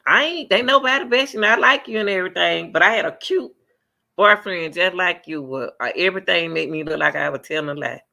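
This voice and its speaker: A man doing live reaction commentary on a video, animated and talking straight to his chat. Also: sits high, fairly quick, gravelly. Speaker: commentary streamer.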